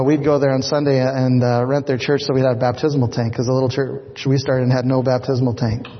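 A middle-aged man, a pastor, telling a personal story in a sermon, animated and acting out the voices of the people he quotes. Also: medium pitch. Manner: animated, acts out quoted voices, repeats words. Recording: dull echoey hall recording.

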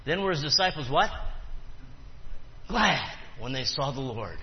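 A man's voice: medium pitch, big pitch swings, unhurried, a little hiss or hum. Man preaching in a reverberant hall. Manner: preaching with call-and-response questions to the congregation; emphatic, repeats key phrases. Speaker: pastor. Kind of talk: sermon. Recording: reverberant hall, dull lo-fi sound.

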